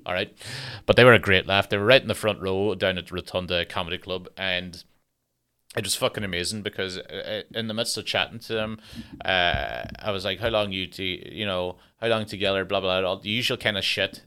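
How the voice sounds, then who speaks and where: A man's voice: deep voice, bright, forceful tone, smooth. A man, a stand-up comedian hosting his own podcast in a rambling, sweary, jokey solo monologue.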